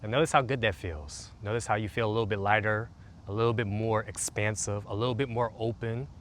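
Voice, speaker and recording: A man guiding a stretching and relaxation routine in a slow, soothing, calm way. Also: lowish voice, slight background noise. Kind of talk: guided relaxation instruction.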